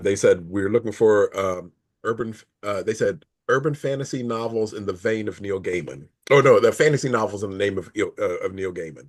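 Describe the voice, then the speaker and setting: A middle-aged man, an author being interviewed, telling long stories in a rambling, self-correcting way and laughing along as he goes. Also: fairly low pitch. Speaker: author guest. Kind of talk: casual interview storytelling.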